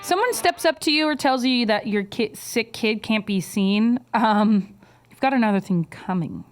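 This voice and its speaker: A woman's voice: fairly high pitch, animated, normal speed, soft background music. A young adult woman co-hosting a podcast, trading crude comedic banter and acting out quotes in shifting voices. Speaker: podcast co-host.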